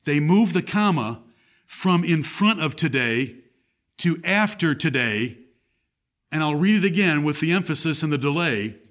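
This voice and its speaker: A man's voice: a little high, lively intonation, measured pace, fairly bright tone. Emphatic preaching pastor, man. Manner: emphatic preaching, reads scripture aloud. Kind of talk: sermon.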